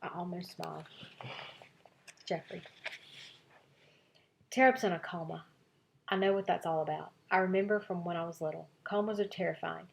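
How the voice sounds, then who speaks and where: Teacher lady reading a kids' chapter book out loud, kinda low voice, expressive. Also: normal speed, creaky, long pauses, slight background noise. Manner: expressive storytelling, voicing several child narrators. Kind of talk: read-aloud of a children's novel.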